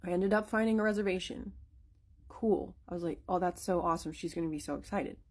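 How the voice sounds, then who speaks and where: A woman's voice: lowish voice, a little fast, breathy edge. A young woman casually telling a spooky personal story, chatty, with many fillers and restarts.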